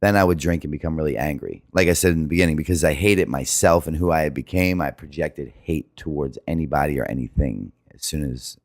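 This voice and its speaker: A man co-hosting a podcast, talking in a halting, reflective, frank way. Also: rumbling low, no room sound, clean studio sound. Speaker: podcast co-host. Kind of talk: casual chat.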